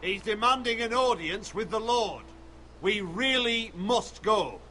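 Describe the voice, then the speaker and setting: An actor playing a loyal house servant in a video game, urgent and deferential. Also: male voice, high-pitched, lively intonation, measured pace, bright, forceful tone, slight background noise, full character voice.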